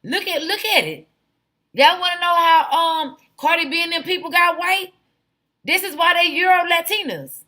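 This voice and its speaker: A woman's voice: sits high, pushed and bright. A woman hosting a casual livestream, talking bluntly to her viewers and drifting off on tangents. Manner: rambling, tangent-prone, blunt; talks to her chat viewers directly. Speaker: livestream host.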